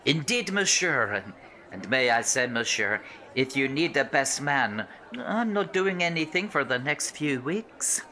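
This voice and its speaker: A man plays a bumbling young French valet in a comic radio play, his voice thick with a put-on French accent. He speaks slowly with a bright tone, his pitch bouncing all over. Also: animated. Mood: eager.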